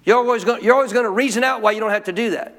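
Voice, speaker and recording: This pastor talks very fast, his high voice carrying a bit of brightness, as he preaches emphatically in a church sanctuary. He calls out for congregational responses amid long hall reverb.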